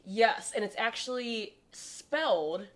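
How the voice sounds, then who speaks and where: A woman's voice: on the high side, lively intonation, slow. A young woman co-hosting a casual podcast, talking in a chatty way with lots of "like" fillers and frequent laughs. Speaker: podcast co-host. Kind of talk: casual chat.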